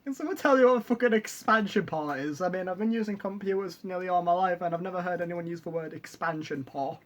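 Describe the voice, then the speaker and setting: A man's voice: sits high, fast. A man commenting casually and sarcastically on a cartoon as a vlogger, swearing often.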